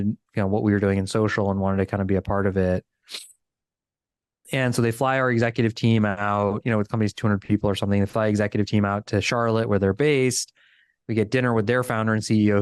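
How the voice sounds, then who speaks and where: A man talking as a guest on a business podcast, telling a story in a casual, animated way and acting out the people he quotes. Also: on the low side, clean tone, no room sound, studio quality.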